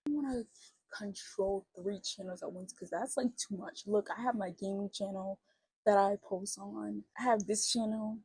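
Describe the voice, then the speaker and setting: A woman's voice: medium pitch, steady tone, normal speed, a little mellow, husky, dry recording, rough recording. A young woman YouTuber talking in a rambling, conversational way to her channel. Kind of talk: casual vlog talk.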